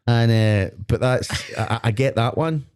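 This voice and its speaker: A man's voice: medium pitch, normal speed. A Scottish man with a Glaswegian accent, co-hosting a podcast in casual chat, rambling and joking about himself as he talks. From Scotland. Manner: rambling, joking, self-deprecating. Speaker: podcast co-host. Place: podcast studio.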